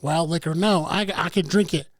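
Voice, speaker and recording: A man's voice: fairly high pitch, normal speed, no room sound. A man co-hosting a podcast, dropping wry, profane comments into a casual chat. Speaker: podcast co-host.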